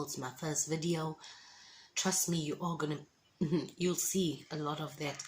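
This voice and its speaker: Speaking to the camera at home with the windows open, a woman shares an emotional faith testimony as a Christian vlogger. Her voice sits low, and the rough recording carries slight background noise. She is fervent and keeps checking that listeners follow her.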